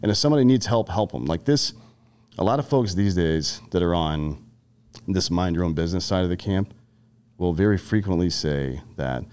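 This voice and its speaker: Deep-voiced blunt, profane veteran man. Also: animated, normal speed, darkish tone, smooth. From Carolinas, US. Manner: blunt, profane, storytelling with frequent restarts. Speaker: podcast guest, army veteran. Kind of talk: casual podcast conversation.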